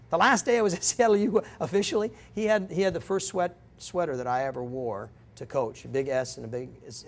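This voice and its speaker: A middle-aged man giving a guest lecture, telling stories in a rambling, self-interrupting way. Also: a little high. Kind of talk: storytelling lecture. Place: lecture room.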